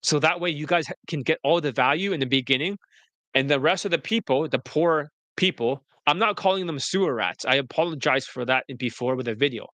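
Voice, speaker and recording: A man coaching on dating, talking bluntly and directly on a livestream and slipping into a polished sales-pitch delivery. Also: brisk, pushed and bright, no room sound. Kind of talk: livestream talk mixing sales pitch and casual chat.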